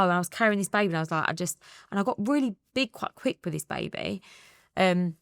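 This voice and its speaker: A woman in her thirties with an Essex accent, a guest telling her story in a candid interview, quick and acting out the dialogue. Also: fairly low pitch, vocal fry, dry recording, studio quality. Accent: Essex English. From England. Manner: rapid storytelling that re-enacts dialogue.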